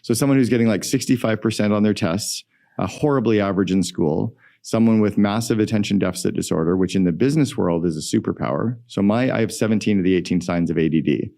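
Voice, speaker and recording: A middle-aged man, a guest entrepreneur, telling stories in an energetic, emphatic way in a podcast interview. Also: lowish voice, fast talker, gravelly.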